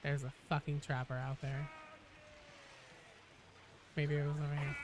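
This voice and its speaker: A woman's voice: low-pitched, unhurried, a little hiss or hum. A woman streaming a game, chatting casually with viewers, joking and swearing in sudden outbursts. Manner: excitable, swears a lot, jokey. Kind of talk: casual gameplay chat.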